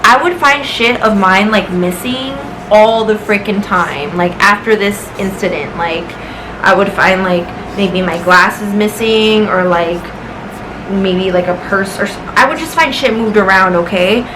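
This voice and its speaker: Music plays behind an unhurried, mid-range female voice in a noisy recording. She's a young vlogger, tipsy and high, chatting loosely and cursing constantly as she rambles through a casual story.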